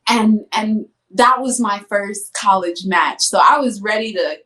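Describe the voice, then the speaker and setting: A woman's voice: medium pitch, a little slow, fairly bright tone. A young adult woman, a guest athlete on a podcast, telling stories casually and acting out her own past words. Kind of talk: casual storytelling in an interview.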